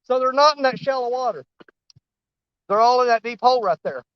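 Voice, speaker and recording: A man narrating a fishing trip on a snowy riverbank in a folksy, excitable way, talking straight to his viewers. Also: very high voice, a little fast, clear, resonant tone, dry recording, dull audio. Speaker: fishing vlogger. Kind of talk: casual outdoor commentary.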